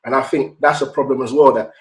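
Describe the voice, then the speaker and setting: A man's voice: mid-range voice, fairly even intonation, fast talker, low-quality recording. A British man, a podcast guest, arguing earnestly and posing rhetorical questions. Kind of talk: podcast conversation.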